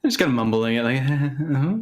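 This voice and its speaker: Animated, giggly man playing a tabletop game. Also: medium pitch, racing. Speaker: player. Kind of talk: casual chat.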